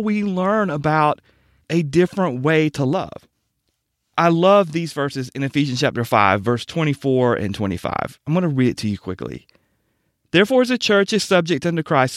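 A man's voice: a little high, no room sound. Earnest man teaching from a dry close mic. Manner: measured, emphatic, slows down to stress key words. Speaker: marriage teacher. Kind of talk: scripted Bible-based teaching talk.

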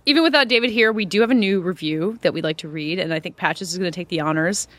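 A woman rattles quickly through a podcast intro and banter in a chatty, brisk way. She is quick to apologize. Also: on the low side, a bit bright, dry recording. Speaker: podcast host. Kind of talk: casual podcast hosting.

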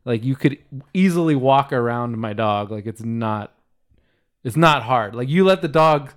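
A man's voice: medium pitch, animated, unhurried. Guy telling a story on a podcast, keeps saying like, laughs at himself. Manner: rambling, many likes, self-amused laughs. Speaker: podcast host. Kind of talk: casual storytelling chat.

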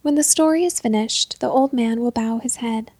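A woman reading a story aloud in a soft, unhurried voice that often drops to a half-whisper. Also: a little high, breathy edge, no echo. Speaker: narrator. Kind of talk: scripted story narration.

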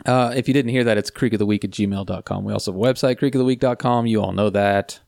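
A man's voice: fairly low pitch, fairly even intonation, fast, gravelly, a little mellow, no room sound, studio quality. A man co-hosting a podcast in casual chat, with wry, joking remarks. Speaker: podcast co-host. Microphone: headset mic.

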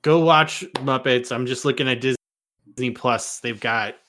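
A man hosting a podcast in a loose, joking chat with friends. His voice sounds bright and forward at a middle pitch. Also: unhurried. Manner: joking, relaxed banter. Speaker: podcast host.

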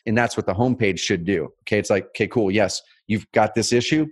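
Fast-talking low-voiced man. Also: no room sound. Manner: energetic, fast, animated storytelling. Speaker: co-host. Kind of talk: casual business chat.

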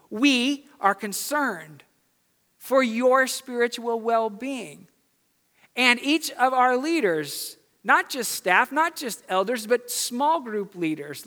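A man's voice: sits high, sharp tone, in a large hall. A man preaching a sermon as pastor in a church, building his points through emphatic repetition. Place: church sanctuary.

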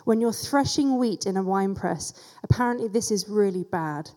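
A woman teaches scripture in a relaxed, conversational sermon and drops casual asides along the way. Her voice is warm and mellow. The sound rings out with a long reverb, as in a large hall. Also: mid-range voice, moderate pace. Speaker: church teacher.

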